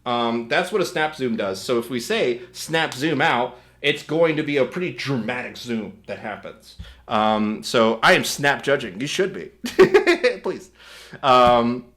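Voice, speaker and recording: Casual, rambling male tutorial host of medium pitch who corrects himself as he explains. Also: animated, a little slow, a bit bright. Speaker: host demonstrating an AI video tool. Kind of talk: casual screen-recorded tutorial.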